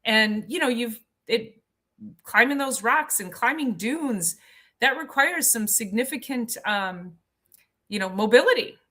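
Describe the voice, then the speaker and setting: Woman host, live health Q&A, bright forceful voice, chatty and enthusiastic. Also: on the high side, lively intonation, unhurried. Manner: chatty, enthusiastic, many fillers. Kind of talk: live Q&A and personal storytelling.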